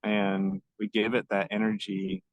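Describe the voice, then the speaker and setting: Low-voiced man explaining earnestly. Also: little pitch movement, a little slow, gravelly, no echo, poor audio. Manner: earnest, gently explanatory, light laughs. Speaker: podcast co-host. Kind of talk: reflective casual conversation.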